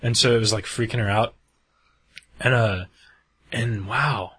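Husky man telling animated stories. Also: fairly low pitch, a little slow. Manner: animated, acts out quotes, laughs often. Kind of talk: casual storytelling chat.

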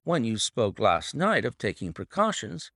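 A man voicing a thoughtful, shrewd detective who muses in measured sentences. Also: mid-range voice, very animated, a bit bright, no room sound, clean studio sound, exaggerated voice. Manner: measured, musing. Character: shrewd, thoughtful male detective, middle-aged.

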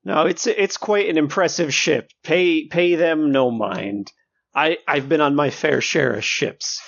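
Husky gravelly male player, lo-fi. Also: on the high side, measured pace, fairly bright tone. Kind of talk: in-character tabletop role-play.

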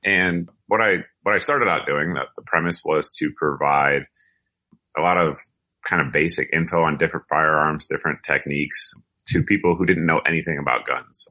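Very deep-voiced man telling his story. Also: normal speed, sharp tone. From United States. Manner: rambling, self-correcting storyteller. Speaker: podcast guest, firearms video reviewer. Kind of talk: casual interview talk.

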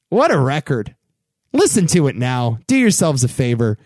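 A young man hosting his own podcast, talking casually and getting worked up into animated rants about pop culture. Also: moderate pace, no room sound, clean studio sound. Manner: animated, ranting, rising pitch when worked up. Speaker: podcast host. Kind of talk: casual solo podcast commentary.

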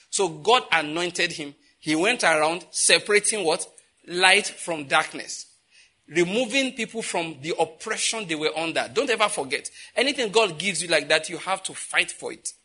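A man's voice: high voice, bright, forceful tone, husky. A man preaching a sermon, asking the congregation questions and answering them himself, with emphatic repetition. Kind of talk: sermon teaching.

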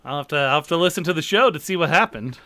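A man co-hosting a podcast in casual chat, talking in low-key, mumbled asides. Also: animated, fast talker, pushed and bright, dry recording. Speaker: podcast co-host.

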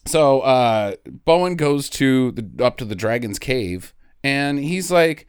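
A podcast co-host in casual comedic chat, retelling a film sarcastically with quick mock voices, swearing and laughing often. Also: mid-range voice, animated, smooth, no room sound, studio quality.

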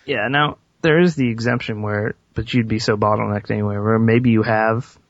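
A young man with a lowish voice chatting on a gaming podcast, laid-back and blunt. The recording is dry and dull. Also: steady tone, moderate pace, dry recording. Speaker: podcast co-host. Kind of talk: casual chat. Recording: dull lo-fi sound.

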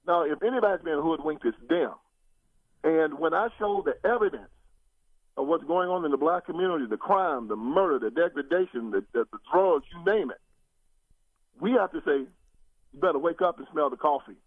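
An older man talking politics as a guest, preacherly and emphatic, his pitch rising in big sweeps as he presses each point. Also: expressive, normal speed, no room sound. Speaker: guest commentator. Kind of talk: political talk show conversation. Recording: tinny phone line.

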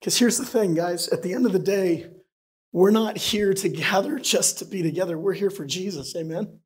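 Hoarse, earnest man preaching a sermon. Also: high-pitched, moderate pace. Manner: earnest, emotional, conversational preaching. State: hoarse, losing his voice. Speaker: pastor. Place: church sanctuary.

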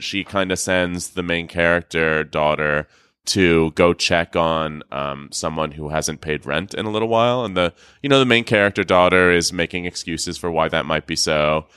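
Male critic guest, very low voice, bright and smooth, wry storyteller, dry close sound. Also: no echo. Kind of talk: casual chat.

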